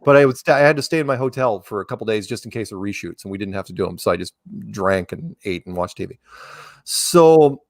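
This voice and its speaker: A man's voice: lowish voice, animated, fast, no echo, clean studio sound. A middle-aged man telling stories as an interview guest, rambling and often restarting his words. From United States. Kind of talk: casual storytelling in an interview.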